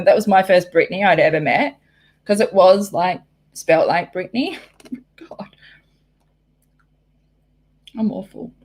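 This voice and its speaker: Excitable Australian woman chatting live. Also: on the low side. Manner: excitable and rambling, swears freely. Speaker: livestream host. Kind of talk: casual live chat reading viewer comments.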